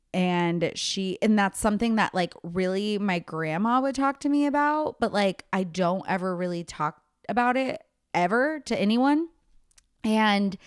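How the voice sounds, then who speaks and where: A young woman chats on her podcast, her voice sitting a little low and recorded dry and close with no room sound. She tells stories loosely, filling them with "like" and "um". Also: smooth, no echo. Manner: chatty storytelling, many fillers like "like" and "um". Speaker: podcast host. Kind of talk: casual solo podcast chat.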